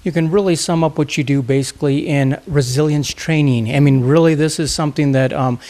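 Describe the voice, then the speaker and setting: A man's voice: a little high, fairly quick, a little mellow. Man hosting a TV interview. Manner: leading, summarizing questions. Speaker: TV host. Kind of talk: TV interview host. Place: studio.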